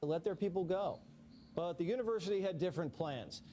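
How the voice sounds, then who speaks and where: High-voiced man doing mock news. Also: lively intonation, fairly quick, mellow, faint music behind. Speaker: news-parody narrator.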